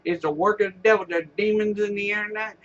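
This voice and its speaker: A man voicing a ranting fire-and-brimstone male preacher in a high, declaiming voice, on a dull lo-fi recording. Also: fairly even intonation, fast talker, fairly bright tone, distant mic. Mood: preaching.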